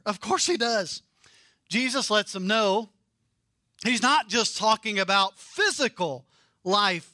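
A man preaching a sermon with emphatic delivery, rising to loud stresses and dropping to quiet asides. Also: high voice, no echo, studio quality. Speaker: pastor.

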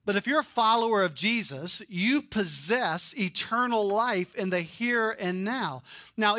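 High, bright-voiced preaching man. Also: no room sound, clean studio sound. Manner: emphatic preaching, swings from loud stresses to quiet asides. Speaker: pastor. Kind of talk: sermon.

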